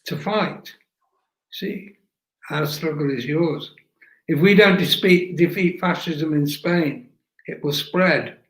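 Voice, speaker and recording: A man doing a dry Italian-accented woman. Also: fairly high pitch. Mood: grave. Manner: dry, measured, broken English. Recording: echoey room.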